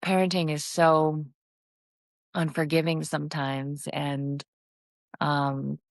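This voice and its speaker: A woman's voice: low voice, level tone, takes it slowly, gravelly, dry recording. A middle-aged woman hosting her own podcast, talking candidly in a rambling, casual way and swearing freely. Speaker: podcast host. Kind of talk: casual solo podcast monologue.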